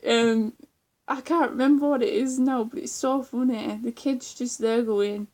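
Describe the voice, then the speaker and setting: A woman's voice: fairly high pitch, moderate pace, few pauses, darkish tone. Rambling, giggly young woman. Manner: rambling, giggly, many fillers and restarts. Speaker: vlogger. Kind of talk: casual chat.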